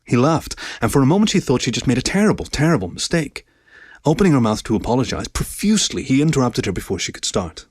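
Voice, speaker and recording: A man's voice: mid-range voice, very animated, fast talker, a little mellow, slightly rough, dry recording. Man narrating a story in a dry voice. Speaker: story reader. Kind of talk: story reading.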